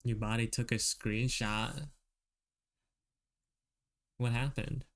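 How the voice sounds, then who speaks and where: A man streaming while he draws, chatting casually with viewers in a relaxed way and chuckling often. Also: medium pitch, takes it slowly.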